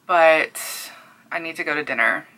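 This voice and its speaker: Young Newfoundland woman, bright and fairly low-pitched, breathless and overwhelmed, casual home vlog. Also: normal speed, slight background noise. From Canada. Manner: breathless and overwhelmed, sighing, dropping to near-whispers. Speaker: crochet artist and small business owner.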